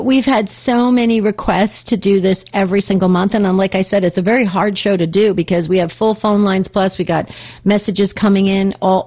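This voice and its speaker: A woman's voice: mid-range voice, a little mellow. A woman hosting a call-in radio show, chatty and effusive, laughing easily and hard.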